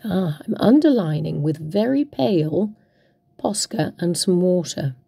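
A playful woman talks through a craft project, half to herself. Her voice is mellow and a little husky. The sound is close and dry. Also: fairly low pitch, expressive, a little slow, no room sound. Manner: chatty, playful, talks to herself while working. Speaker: craft tutorial host. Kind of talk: casual crafting demonstration.

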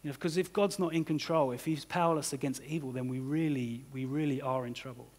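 A pastor preaches a sermon in a church hall, the room's reverb audible on the recording, speaking loosely and conversationally with lots of "you know" and "kind of." His medium-pitched voice is a little mellow, fairly even in intonation, and a bit fast.

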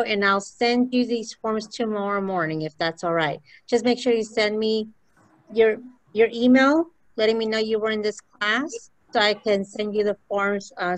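A woman leading a casual real estate training session, chatty and quick to laugh. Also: mid-range voice, rough recording.

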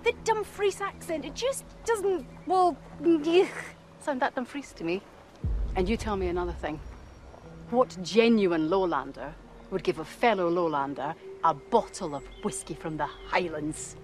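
A woman's voice: mid-range voice, animated, unhurried, darkish tone, slight background noise, natural voice. Actress as a needling lady detective, mocking and theatrical, rises and dips a lot. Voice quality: taunting, probing, theatrical. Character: sharp-tongued, needling female amateur sleuth. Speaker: amateur detective.

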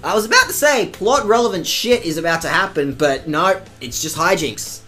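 A woman's voice: on the low side, lively intonation, a bit bright, faint music behind. A woman commenting casually on a game as a let's-play host, profane and sarcastic. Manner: profane, sarcastic, slow drawling.

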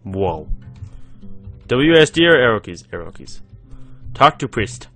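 A man's voice: medium pitch, sing-song, measured pace, creaky, long pauses, sharp tone, soft background music. Giggly young man narrating a game. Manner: rambling, giggly, reads game text aloud. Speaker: gaming channel host. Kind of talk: casual let's-play commentary.

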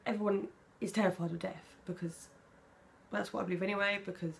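A woman's voice: mid-range voice, fairly even intonation, a little fast, gravelly, slight background noise. A young British woman chatting casually in a vlog, reading out personal questions and answering them candidly. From Britain. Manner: chatty, candid, soft-spoken when emotional. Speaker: vlogger. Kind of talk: casual tag video, reading questions aloud.

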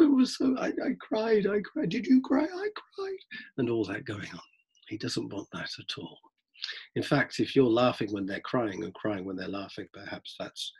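A man's voice: on the low side, vocal fry, slightly rough, poor audio. A man with a London accent, a drama teacher giving a rambling lecture and repeating words as he works through his thoughts. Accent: London English. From England. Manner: discursive, repeats words while thinking, acts out theatregoers in mock voices. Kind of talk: explanatory lecture.

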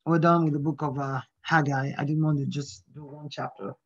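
A pastor with a fairly high voice runs a Bible study over a video call. He jokes lightly, calls on people, and keeps saying "praise God." His audio is dull and lo-fi. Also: flat delivery, a little fast. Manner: jokey, repeats "praise God".

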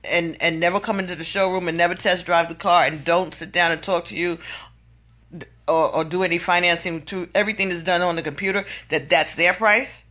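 Woman vlogger, venting monologue, exasperated and incredulous, bright forceful tone. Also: lowish voice, steady tone, brisk.

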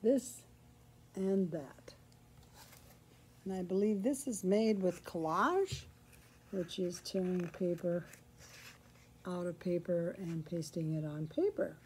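A woman reading a picture book aloud to children as a library storyteller, pausing to explain words along the way. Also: on the low side, dark tone, slight background noise.

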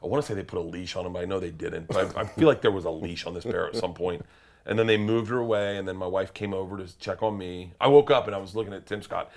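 Guy telling a crazy story loud, laughs, yells the funny bits. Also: sits low. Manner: loud, laughing, acts out quotes in shouts. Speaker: comedian guest. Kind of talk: animated storytelling.

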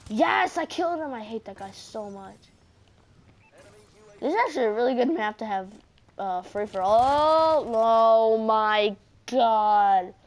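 High-voiced woman cursing at a shooter game. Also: takes it slowly. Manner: frustrated, swears a lot, exclaims at the game. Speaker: gaming channel host. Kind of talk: live gameplay commentary.

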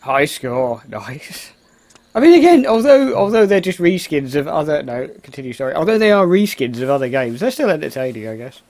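A man's voice: a little high, big pitch swings, fairly quick, hardly any pauses, darkish tone. A man giving rambling, casual let's-play commentary, exclaiming at the game and muttering asides. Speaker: gameplay commentator.

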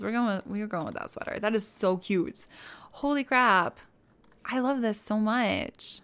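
A woman live-streaming a game from her room at home, chatting casually into a desk microphone. She gushes and chats, drifting between soft murmured asides and excited squeals. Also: medium pitch, normal speed. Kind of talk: casual live-stream chat while playing.

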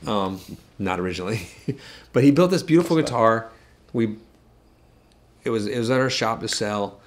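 Low-voiced, rambling, jokey man. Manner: rambling and jokey, with restarts and quick asides. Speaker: guitar shop co-host. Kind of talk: casual storytelling chat.

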